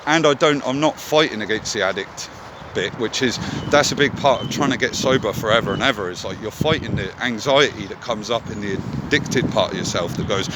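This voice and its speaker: A man's voice: on the low side, brisk, few pauses, noisy background. Blunt, swearing man outdoors. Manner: candid, frequent swearing. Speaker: vlogger. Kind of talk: casual monologue.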